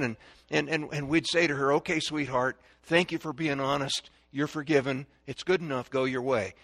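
An older man giving a folksy, sermon-style talk on raising children, animated, acting out stories and drills. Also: on the high side, no echo. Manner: animated storyteller, shouting drills to kids. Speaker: speaker on parenting.

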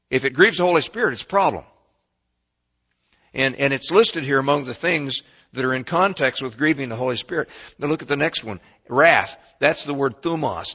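A man preaching a sermon in a folksy storytelling way, swinging between quiet asides and loud bursts. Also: medium pitch, husky, highs cut off.

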